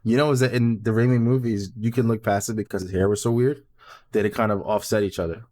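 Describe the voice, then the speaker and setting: A man guest co-hosting a podcast, relaxed and opinionated in casual chat, swearing now and then. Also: fairly low pitch, quick pace. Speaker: guest co-host.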